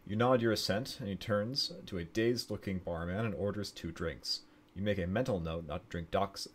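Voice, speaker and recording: A man's voice: sits low, slight background noise. A man streaming a game, reading its story text aloud, stumbling over words and correcting himself with casual asides.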